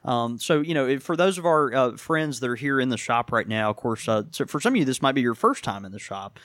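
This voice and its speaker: Animated, rambling man, pipe shop co-host. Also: medium pitch, brisk, dry recording, studio quality. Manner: animated, rambling with many restarts. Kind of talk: casual chat.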